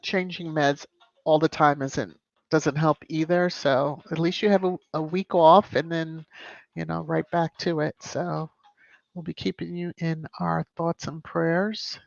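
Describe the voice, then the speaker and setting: A woman's voice: sits low, steady tone, measured pace, creaky, no room sound, highs cut off. Chatty woman live-streaming. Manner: chatty, greets viewers by name, emphatic asides. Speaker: YouTube live-stream host. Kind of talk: casual live-stream chat reading comments.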